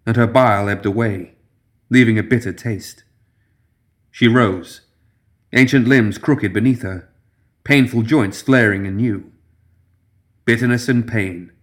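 A man reading a dark fantasy story aloud in measured, even scripted narration. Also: on the low side.

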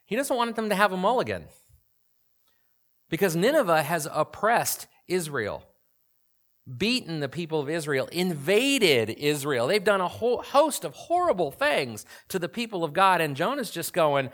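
A man's voice: on the high side, very animated, moderate pace, a bit bright. A man in his forties preaching a sermon in a conversational way, often asking the audience questions. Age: 40s. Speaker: pastor.

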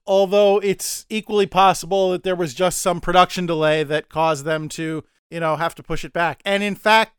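A man's voice: high-pitched, a bit bright, smooth, dry recording, studio quality. A man co-hosting a podcast, recapping a TV episode in a rambling, self-deprecating way with mock-dramatic asides. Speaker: podcast co-host.

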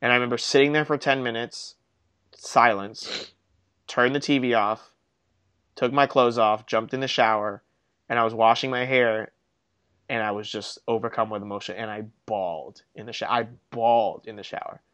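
A young man co-hosting a casual sports podcast, telling stories in an animated, self-mocking way. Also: mid-range voice, normal speed. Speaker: podcast co-host.

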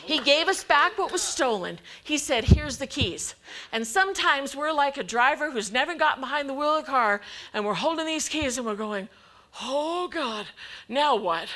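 A woman preaches to her church with a high, bright voice. She is emphatic and keeps acting out the voices of God and of anxious believers. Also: expressive, moderate pace. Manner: emphatic, acts out quoted voices of God and people. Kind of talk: sermon.

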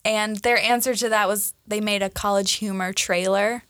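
A woman co-hosts a podcast in relaxed chat, quick with wry, teasing remarks. The sound is close and dry, with no room behind her. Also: mid-range voice, no room sound. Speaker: podcast co-host. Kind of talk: casual chat.

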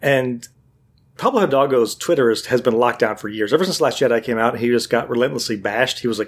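A man's voice: medium pitch, fairly quick, husky. A man in casual chat, telling a long story and acting out what other people said. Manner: animated storyteller, acts out quotes.

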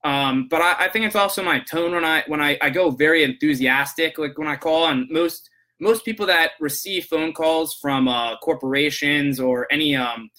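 A man's voice: fairly high pitch, moderate pace, pushed and bright. A man hosting a podcast, telling work stories in a casual, rambling way with many restarts, then turning earnest and motivational. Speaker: podcast host. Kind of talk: casual monologue, storytelling about work calls.

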